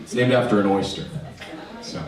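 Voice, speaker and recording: A young man doing a stand-up set at a comedy club, telling crude, self-mocking stories with quick asides. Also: fairly low pitch, a crowd in the background. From Maryland, USA. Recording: echoey club heard from far off, noisy.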